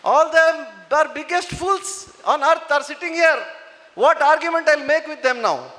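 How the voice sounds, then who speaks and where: A proud young boy scholar speaks in a scornful, raised voice, as a man puts him on in a story. The voice is high and bright, pushed up well above the speaker's usual pitch. It rings out in an echoey hall. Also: animated, unhurried, exaggerated voice.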